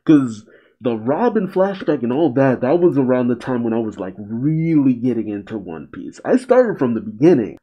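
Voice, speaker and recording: A man reading a comic chapter aloud and reacting to it, animated and close to tears at times. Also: mid-range voice, lo-fi sound. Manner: excitable, reads aloud then comments, chokes up. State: emotional, tearing up. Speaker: reaction video host.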